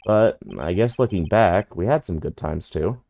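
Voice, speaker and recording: A man's voice: deep voice, animated, normal speed, dark tone. A man reading game dialogue aloud in a dry, wry tone during a playthrough.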